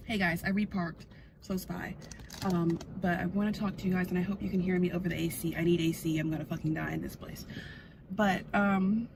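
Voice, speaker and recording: A young woman in her twenties, fresh out of college, talks straight to her phone from a parked car. She is candid and excitable, dropping casual swears. A loud A C hum runs under her voice. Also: lowish voice, vocal fry. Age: 20s. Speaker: vlogger. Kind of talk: casual vlog chat. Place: parked car with the air conditioning running.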